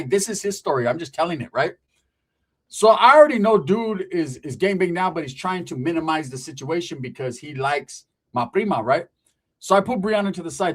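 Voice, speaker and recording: A man telling a comedic story with animated, profane, slangy delivery. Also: sits high, husky.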